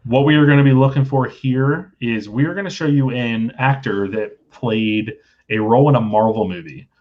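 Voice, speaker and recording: A man's voice: medium pitch, normal speed. Easygoing male trivia host, lo-fi. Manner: easygoing, reads questions and jokes between them. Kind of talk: casual live trivia stream.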